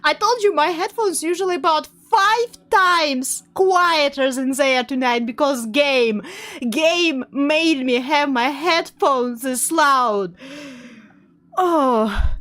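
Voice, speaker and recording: A young woman streaming a game live, commenting excitably, laughing often and jumping at scares. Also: high-pitched, takes it slowly.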